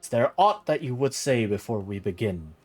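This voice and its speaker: A man voicing a stately priest who presides over a knighting, speaking loud, slow and ceremonially. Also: medium pitch, very animated.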